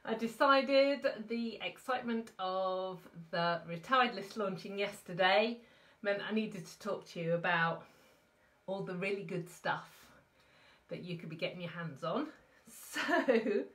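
A woman's voice: medium pitch, lively intonation, a little slow, fairly bright tone, far from the mic. A woman from the UK hosting a casual craft live stream, out of breath and chatty, greeting viewers by name.

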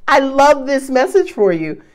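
A woman tarot reader with a Southern US accent, talking in a casual, excitable, profane way and laughing often. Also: high voice, unhurried.

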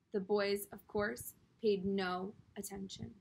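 Breathy woman reading a children's story. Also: medium pitch, moderate pace. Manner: steady storytelling with brief character voices. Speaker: reader. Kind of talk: reading a children's book aloud.

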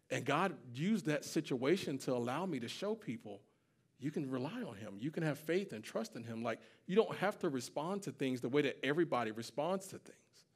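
Man, pastor, thirties, church sermon, conversational storyteller, slightly high voice.

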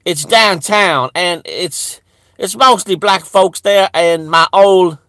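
A man's voice: sits high, slow, pushed and bright, no echo, heavily acted. A man playing a rambling, bigoted churchgoing man in a satirical monologue, stammering and restarting almost every phrase. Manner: stammering, with constant restarts and repeated words.

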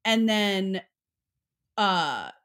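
A woman's voice: mid-range voice, animated, very slow, a bit bright. A young woman from Texas co-hosting a podcast, chatting casually and rambling with lots of "like". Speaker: podcast co-host. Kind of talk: casual chat.

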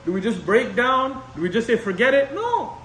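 A man delivers a conversational Islamic lecture, repeating his points and dropping in Arabic terms. His voice sits very high and swings widely in pitch. He sounds set back from the mic in an echoey room with faint background noise. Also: huge pitch swings, normal speed, sharp tone. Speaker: imam lecturer.

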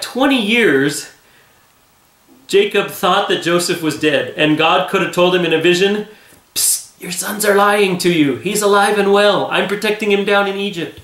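A male pastor leads a Bible study in an earnest, chatty way, pausing on fillers as he thinks. His voice sits a little high, and the sound rings in an echoey room. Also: fairly bright tone. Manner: earnest, conversational, full of fillers. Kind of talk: Bible study devotional talk.

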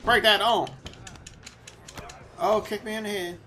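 A man giving loud, excitable commentary while playing a video game, swearing and yelling at the game. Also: high-pitched, measured pace, background noise. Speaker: gaming streamer. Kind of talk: live gameplay commentary.

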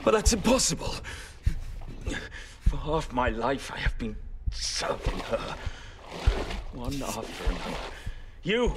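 A gravelly, cryptic captive. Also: male voice, medium pitch, very animated, slow, long pauses, heavy background noise. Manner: intense, theatrical, drops to whispers. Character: cryptic trapped man serving a Mother. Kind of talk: video game voice acting.

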